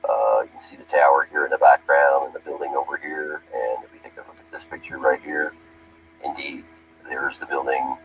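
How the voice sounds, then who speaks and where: Gravelly, very deep-voiced man telling stories. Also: fairly even intonation, a little fast. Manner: rambling, plainspoken storytelling with many fillers. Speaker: former Army power systems engineer. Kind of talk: casual narration over photographs. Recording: dull lo-fi recording with faint music.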